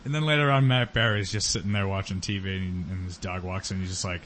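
A man on a comedy podcast making dry wisecracks and low, mumbled asides. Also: steady tone, fast, a crowd in the background. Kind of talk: casual comedic chat.

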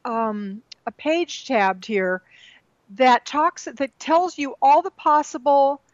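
A woman co-hosting a casual political chat, animated and quick to laugh. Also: high voice, no echo. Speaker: podcast co-host. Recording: slightly dull sound.

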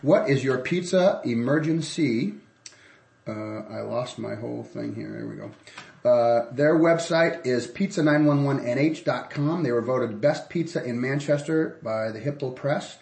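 A man's voice: mid-range voice, steady tone, normal speed, creaky, a little mellow. Man, podcast host, casual, rambling, ad reads, roomy echo. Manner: rambling, chatty, many restarts.

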